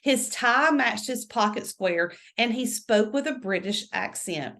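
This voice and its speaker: Woman narrator, book read-aloud, animated lively pitch. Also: unhurried. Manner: expressive storytelling. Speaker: book reader. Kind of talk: reading a novel aloud.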